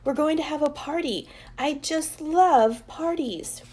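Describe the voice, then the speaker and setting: A woman voicing a whiny, dramatic little schoolgirl in a storybook with a shrill, squealing voice. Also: measured pace, darkish tone. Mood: excited.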